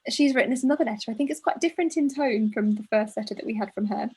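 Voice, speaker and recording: A woman co-hosts a chatty podcast, laughing often as she talks and reads a listener's letter aloud. Her voice sits fairly high and has a husky, slightly breathy edge. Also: racing, darkish tone. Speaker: podcast co-host. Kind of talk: casual chat, reading a listener letter aloud.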